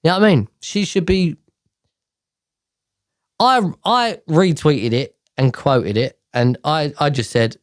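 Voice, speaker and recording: A man's voice: fairly high pitch, slow, long pauses, no echo, clean studio sound. A man hosting a casual monologue, chatty and rambling, correcting himself as he goes. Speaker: host.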